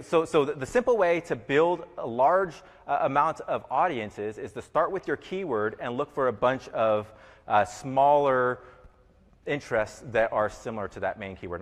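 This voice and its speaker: A man teaches in a loose, conversational way, circling back and stumbling over his phrasing. His voice sits at an ordinary pitch for a man. The recording rings with the long reverb of a big echoey room. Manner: rambling, repeats himself, many fillers and restarts. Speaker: e-commerce teacher. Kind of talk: informal teaching talk.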